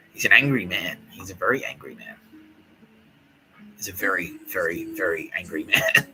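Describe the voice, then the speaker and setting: A man hosting a podcast, riffing in a profane, excitable, repetitive comedic monologue. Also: low-pitched, slight background noise, rough recording. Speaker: podcast host.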